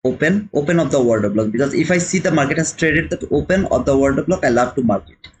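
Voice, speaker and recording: Talking fast with lively intonation and a voice on the high side, a non-native English-speaking man runs a live trading stream over poor audio. He chats loosely, answers comments from viewers, and frequently repeats himself word for word.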